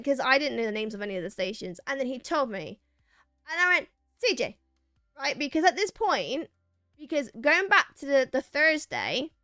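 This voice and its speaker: A woman's voice: sits high, smooth, no room sound, clean studio sound. A young woman streamer telling a rambling story to her chat, acting out what people said. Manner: animated, acts out quoted lines, rambling restarts.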